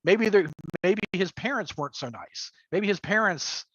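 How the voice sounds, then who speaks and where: A man's voice: high-pitched, expressive, normal speed, a bit bright, no echo. Rambling middle-aged man, dull lo-fi sound. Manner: rambling, many fillers, laughs often. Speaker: guest, game master and crafter. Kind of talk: casual livestream chat.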